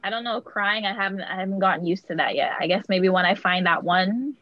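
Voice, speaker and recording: A woman's voice: medium pitch, fairly quick, no room sound, lo-fi sound. A young woman in a casual group discussion, speaking hesitantly and saying "like" often. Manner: hesitant, lots of "like".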